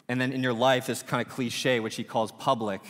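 A man's voice: medium pitch, moderate pace. Male pastor in his thirties, easygoing conversational preacher, big reverberant room. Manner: casual, animated preaching with many fillers. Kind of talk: sermon. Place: church auditorium. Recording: reverberant church hall.

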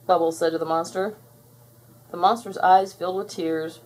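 A woman narrating a children's storybook aloud in an expressive, clear storytelling manner. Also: on the low side, normal speed, rough recording. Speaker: storybook reader.

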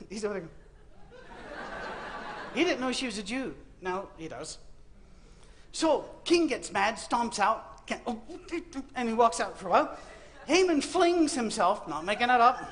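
Animated, high-voiced male preacher. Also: a little hiss or hum. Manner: animated storytelling with comic asides and acted-out quotes. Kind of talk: humorous sermon. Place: university auditorium.

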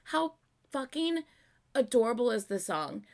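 A woman reacting to a music video in casual commentary, excitable and gushing, swearing often. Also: a little high, a little slow.

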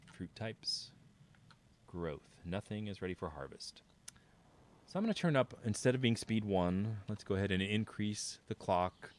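A man streaming a farming game, chatting casually and thinking aloud to his viewers. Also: a little hiss or hum. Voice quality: low voice. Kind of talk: casual gameplay commentary.

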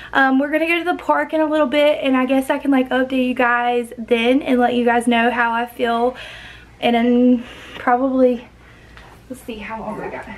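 A young woman talking casually to camera at home as a vlogger, chatty and loose with lots of fillers. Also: fairly high pitch. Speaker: lifestyle vlogger reviewing a supplement.

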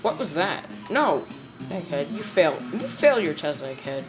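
Young woman yelling at a game, lively voice swinging up and down, bit low, game music behind. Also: normal speed. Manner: animated, yelps and shrieks at failures. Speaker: gamer. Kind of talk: gameplay commentary.

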